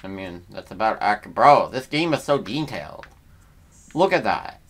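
A man's voice: fairly low pitch, big pitch swings, measured pace, a bit bright. A man hosting a let's play, giving casual, slangy gameplay commentary as he thinks aloud.

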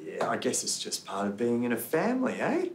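A man's voice: medium pitch, huge pitch swings, brisk, vocal fry, echoey room, slight background noise. An actor with an Australian accent playing an overzealous, hot-headed male coworker who is fiercely loyal to the company. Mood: fired up. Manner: intense, then overly matey.

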